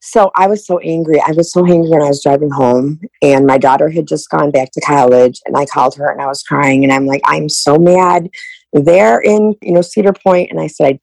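A middle-aged woman shares her own story as a podcast guest, with a gravelly, low-pitched voice. She talks candidly and emotionally, slipping into the voices of the people she quotes. The sound is dry and close. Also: fairly quick, hardly any pauses, a little mellow, no echo, low-quality recording. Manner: emotional, candid, acts out past conversations. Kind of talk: personal storytelling in a podcast interview.

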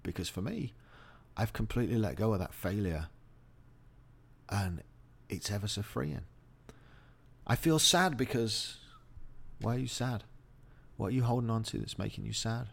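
A man's voice: on the low side, creaky. A middle-aged man hosting a motivational monologue, blunt and profane, speaking openly about personal grief. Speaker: host.

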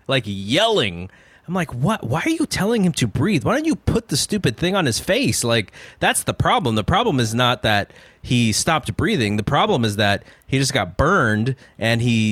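A man co-hosting a podcast, talking in a casual, animated way as he rants through a critique. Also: mid-range voice, dry recording. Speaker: podcast co-host.

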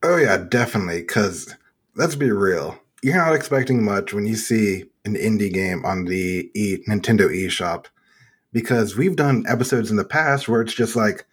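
A man from Texas hosting a casual gaming podcast, laughing often and making animated asides. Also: fairly low pitch, moderate pace, husky. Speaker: podcast host.

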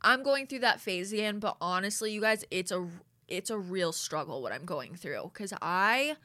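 Chatty woman podcaster, bright punchy voice, real candid, swears a lot, says you guys constantly. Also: mid-range voice, animated, moderate pace. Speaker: podcast host. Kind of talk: casual monologue to listeners.

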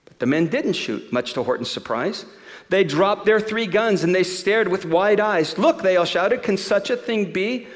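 A man giving a sermon, reading a rhyming story aloud in a rhythmic, expressive way before turning to scripture. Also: sits high, moderate pace, big-room sound. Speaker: pastor.

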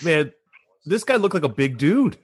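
Excitable husky-voiced male host. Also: fairly high pitch, normal speed. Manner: excitable, laughs often, animated reactions. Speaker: interviewer, host. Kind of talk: casual interview chat.

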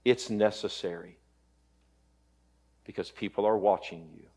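A male pastor delivering a Sunday sermon, an impassioned preacher who swings between loud peaks and hushed, low passages. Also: measured pace.

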